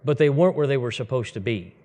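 A man's voice: medium pitch, fast talker, warm tone. A man preaching a sermon in a conversational, storytelling way, speeding up in bursts. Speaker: pastor.

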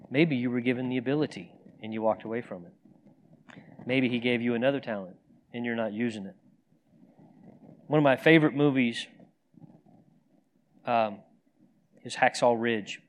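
A man's voice: mid-range voice, slight background noise. A man preaching a sermon, telling stories with acted quotes and then leading an earnest prayer. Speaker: pastor.

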